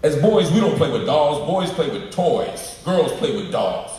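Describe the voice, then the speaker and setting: Animated man speaking in an echoey hall. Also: on the high side, a little slow. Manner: animated, preacher-like, emphatic, with slang asides. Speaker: keynote speaker. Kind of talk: public speech to a live audience. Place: large lecture hall at an event. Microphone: live stream filmed from the audience. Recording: echoey hall, from far off, livestream.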